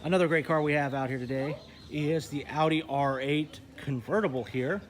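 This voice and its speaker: With noise all around, this Texas man's voice sits on the high side as he tours an outdoor car show at a moderate pace. As host, he keeps it casual, upbeat and chatty, speaking directly to viewers.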